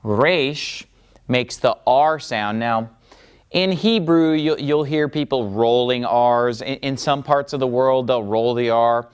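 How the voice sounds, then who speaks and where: A man's voice: medium pitch, a little slow, clean tone. A man teaching a Biblical Hebrew lesson step by step at a board, patiently checking in with his students. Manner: patient, checks in with "okay?" and "all right?".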